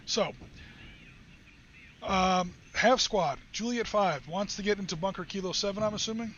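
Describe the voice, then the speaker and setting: A man hosts a live wargame stream, chatting, joking and explaining the rules casually. His voice is high-pitched and fairly bright at normal speed, and the stream audio is slightly dull with faint hiss.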